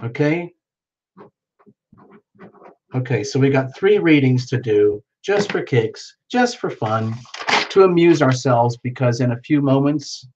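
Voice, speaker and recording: Male livestream host, mid-pitched, playful and chatty with his viewers, lo-fi sound. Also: darkish tone, slight background noise. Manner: playful, chatty, reacting to comments. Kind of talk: casual livestream chat with viewers.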